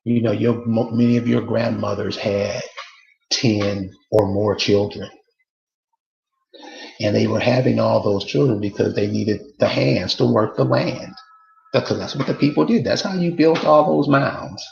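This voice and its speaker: Guy ranting to his viewers, gravelly voice, keeps hammering the same questions. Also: fairly low pitch, measured pace, darkish tone, echoey room, highs cut off, a little hiss or hum. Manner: emphatic, repeats rhetorical questions. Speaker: online commentator. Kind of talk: casual monologue to viewers.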